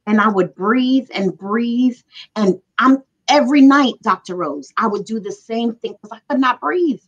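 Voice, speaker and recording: A woman's voice: a little high, normal speed, dull audio. A mother speaking as a guest, telling her story in an earnest, emotional way during a casual chat.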